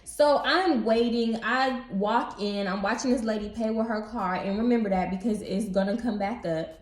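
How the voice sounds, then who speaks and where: A young woman casually telling a storytime story to her viewers, animated and slangy, speaking straight to camera. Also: fairly high pitch, moderate pace. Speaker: beauty vlogger. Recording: roomy echo.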